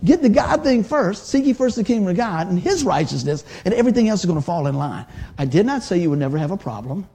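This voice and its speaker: A man's voice: high voice, animated, fast, warm tone, breathy edge. A male pastor preaching a sermon in a conversational, folksy way, often adding "man" and "amen".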